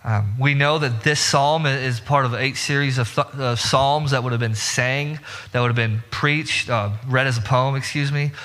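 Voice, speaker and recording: Preaching earnestly, this pastor keeps a mid-range voice that is steady, bright and forceful, moving at a normal speed. He frequently repeats words and starts his sentences over, all under long hall reverb.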